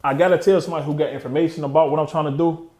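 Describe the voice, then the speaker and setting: In an echoey room, a slightly high-voiced man in his thirties talks rapid-fire yet steady, with a darkish tone. As an interview guest he tells his own story candidly, streetwise and slang-laden, often trailing off.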